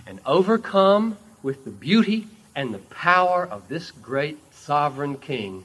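Give me a male preacher with a lively, high-leaning voice, dramatic storytelling sermon. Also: a little slow, hardly any pauses, slightly rough. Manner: dramatic storytelling, swinging from loud to hushed.

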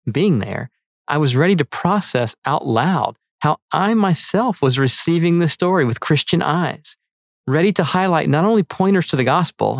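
A middle-aged man reading his own essay aloud in an earnest, measured way. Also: fairly high pitch, vocal fry, dry recording, studio quality. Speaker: author reading his article. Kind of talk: read-aloud essay narration.

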